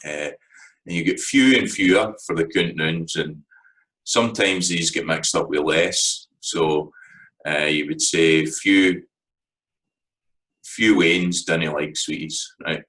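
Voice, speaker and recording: A Scottish man with an extremely low, deep voice talks through a lesson in a relaxed, conversational way. He fills his pauses with "um" and checks in often with "right?". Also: rough recording. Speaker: language teacher. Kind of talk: casual spoken lecture.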